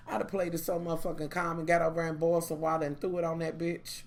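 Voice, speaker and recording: A woman's voice: low voice, quick pace, few pauses. A woman reviewing a TV show in a casual chat, blunt and profane, talking straight to her viewers. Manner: animated, opinionated.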